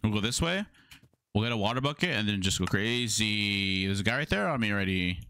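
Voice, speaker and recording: A man's voice: fairly low pitch, lively intonation, a little fast, bright, forceful tone, no echo, clean studio sound. A young man livestreaming a game, chatting casually with his viewers in slang and humming to himself. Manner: slangy, talks to chat, hums to himself.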